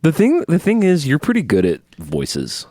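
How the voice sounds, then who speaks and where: A man's voice: wildly swooping pitch, moderate pace, dark tone, dry recording. A man co-hosting a podcast in casual chat, playful and joking with his partner. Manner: playful, joking banter with big pitch swings. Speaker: podcast co-host.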